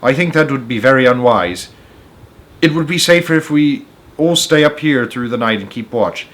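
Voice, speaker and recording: A man's voice: medium pitch, lively intonation, moderate pace, fairly bright tone, close to an everyday voice. A man voicing a kindly, fatherly old male grasshopper in a storybook reading.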